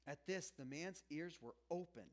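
Brief: male pastor, fairly high voice, chatty joking sermon delivery, big swings between loud and hushed. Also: moderate pace.

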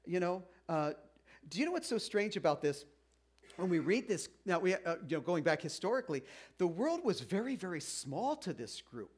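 A middle-aged pastor with a noticeably high voice delivers an informal sermon. He speaks conversationally, stumbling and restarting mid-sentence, and slips into the voices of doubting listeners to make his point. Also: very animated. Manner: informal, halting with restarts, acts out listeners' objections.

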